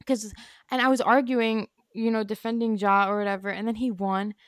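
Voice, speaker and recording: A young woman co-hosting a casual sports podcast, chatty and quick to laugh, full of likes and fillers, talking into a studio microphone. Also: medium pitch, level tone, smooth, no echo.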